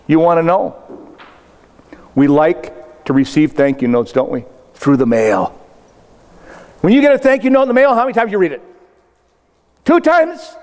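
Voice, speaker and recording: A man's voice: on the high side, sing-song, moderate pace, pauses often, a little mellow. An older man from South Dakota, a motivational speaker giving a humorous keynote to a live audience, telling stories with acted-out quotes and punchy asides. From South Dakota, United States. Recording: long hall reverb.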